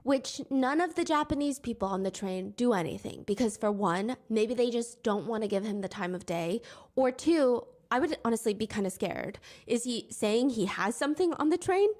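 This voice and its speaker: A woman's voice: a little high, lively intonation, moderate pace, a little mellow. Wry woman narrating storytime commentary. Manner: reenacts quotes in a raised, mocking voice; conversational, wry asides. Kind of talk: storytime commentary with quoted clips.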